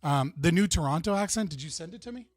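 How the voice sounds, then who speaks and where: A man's voice: a little high, lively intonation, fast. An American man hosting a casual livestream, joking and rambling with frequent laughs. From United States. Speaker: streamer and debate host.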